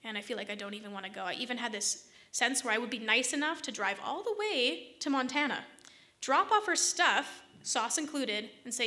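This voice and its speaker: A woman telling a personal story to camera in a casual, chatty way, exasperated and full of quick asides. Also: a little high, expressive, pushed and bright.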